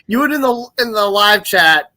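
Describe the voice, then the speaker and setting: A man's voice: sits high, lively intonation, normal speed, sharp tone. A man on a podcast in casual chat, rambling and laughing often.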